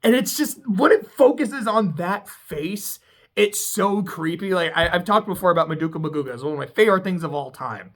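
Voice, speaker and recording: A speaker casually recapping a TV episode, excitable and profane, laughing often. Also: medium pitch, brisk. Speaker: TV show reviewer.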